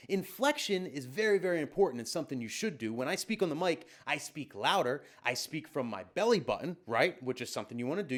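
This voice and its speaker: Lively, blunt-talking man giving DJ advice. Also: on the high side. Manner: blunt, emphatic, slangy. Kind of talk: casual tutorial advice.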